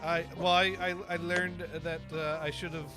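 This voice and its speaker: A man's voice: sits high, little pitch movement, normal speed, music in the background. A man hosting a live stream, chatting casually, joking and laughing often. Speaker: stream host.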